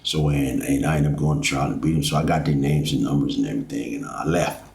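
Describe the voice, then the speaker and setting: A man's voice: a bass voice, fairly even intonation, fast talker, gravelly, darkish tone. A middle-aged man from Texas, telling a long personal story in a casual, rambling way with many fillers. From Fort Worth, Texas. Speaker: vlogger. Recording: roomy echo.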